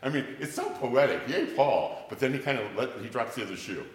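An older male pastor preaching a sermon, telling stories animatedly and swinging from loud to hushed. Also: medium pitch, lively intonation, a little fast, hardly any pauses. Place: church sanctuary. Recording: echoey church hall.

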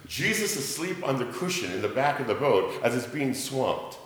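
A man preaching a sermon as pastor, joking with his congregation and swinging between booming emphasis and quiet asides. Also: moderate pace, hardly any pauses. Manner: jokey with the congregation. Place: church sanctuary. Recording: roomy church reverb.

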